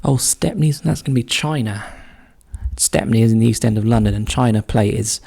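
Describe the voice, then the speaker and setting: A man solving a cryptic crossword out loud, musing slowly and often muttering clues under his breath. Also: on the low side, vocal fry. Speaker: crossword solver. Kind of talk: thinking aloud while solving a puzzle.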